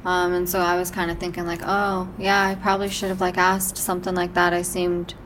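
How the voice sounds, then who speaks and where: A woman with a slightly low voice co-hosts a relaxed podcast chat from a balcony. She talks in a chatty, rambling way with plenty of fillers. She is from Iowa. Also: fairly quick, slight background noise, poor audio. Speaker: podcast co-host. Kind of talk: casual chat. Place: balcony behind a glass panel.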